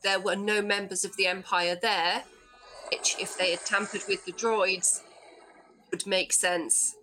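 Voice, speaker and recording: A woman's voice: medium pitch, steady tone, unhurried, sharp tone, faint music behind, low-quality recording. A woman playing a tabletop game, answering carefully and hedging. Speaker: player. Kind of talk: casual tabletop play.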